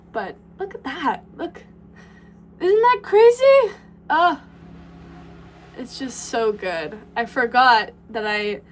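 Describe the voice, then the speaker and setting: A young woman with a fairly high, fairly bright voice chats with her live-stream audience as she works in a pottery studio. She rambles casually and laughs often, and the distant mic captures background noise too.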